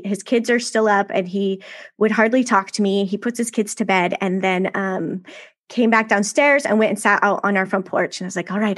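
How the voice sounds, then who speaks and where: A woman in her thirties telling her own story as a podcast guest, candid and emotional, often laughing between quick bursts of talk. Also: mid-range voice, a bit bright.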